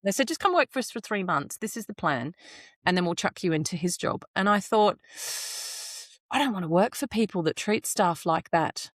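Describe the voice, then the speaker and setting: A woman's voice: medium pitch, lively intonation, moderate pace, no echo. A woman co-hosting a podcast, speaking in a reflective, casual way and acting out her own past reactions. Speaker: podcast co-host. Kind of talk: casual conversational chat.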